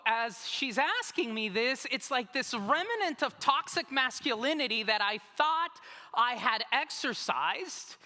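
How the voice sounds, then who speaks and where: Animated, bright-voiced pastor in a reverberant hall. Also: male voice, extremely high pitch. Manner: humorous, self-mocking storytelling. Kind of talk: storytelling sermon. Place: church sanctuary.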